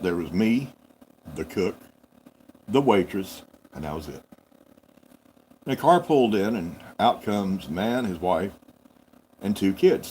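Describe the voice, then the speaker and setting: Low-voiced man telling a folksy tale. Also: darkish tone, slight background noise, rough recording. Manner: rambling, folksy, self-correcting. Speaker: farm channel host. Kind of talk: folksy live storytelling.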